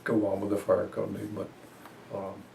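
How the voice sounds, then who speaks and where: Older man in his 80s, gravelly, rambling storyteller, set back from the mic. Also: on the low side, monotone, moderate pace, darkish tone, recorded from a distance, a little hiss or hum. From New Jersey, USA. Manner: rambling storyteller, fillers and chuckles. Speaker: interviewee. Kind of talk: reminiscing interview.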